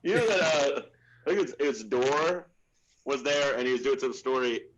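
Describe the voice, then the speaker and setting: A man's voice: medium pitch, normal speed, lo-fi sound, a little hiss or hum. A man co-hosting a comedy podcast, telling anecdotes in casual chat and giggling along the way. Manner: lively, giggling anecdote-teller. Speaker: podcast co-host.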